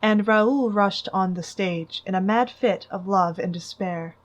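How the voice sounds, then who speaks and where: A woman narrating an audiobook in a measured, dramatic way. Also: medium pitch, highs cut off. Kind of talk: audiobook reading.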